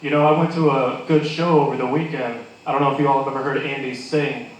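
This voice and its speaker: A man's voice: medium pitch, steady tone, fast, a little hiss or hum. A man performing a crude stand-up comedy set at a pub, rambling and laughing at his own jokes. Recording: echoey pub room.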